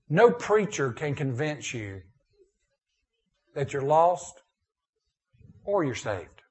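A man preaching a sermon as pastor, moving between emphatic and hushed tones. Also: on the high side. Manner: preaching with rising and falling intensity, dropping to a hushed prayer.

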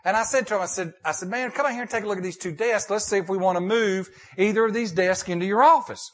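A man's voice: high voice, quick pace, fairly bright tone. An older man, a pastor, preaching a sermon in a folksy storytelling way, often repeating and restarting his phrases.

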